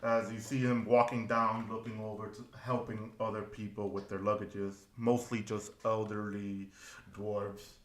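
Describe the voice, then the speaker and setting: Man running a tabletop game, slow, bright voice, echoey room. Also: fairly low pitch, level tone. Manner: unhurried, with fillers. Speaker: game master.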